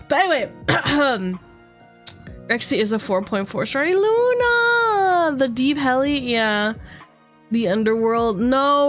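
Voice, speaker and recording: A young woman from Canada chatting casually on a livestream, rambling with lots of fillers and swearing freely. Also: on the high side. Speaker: streamer.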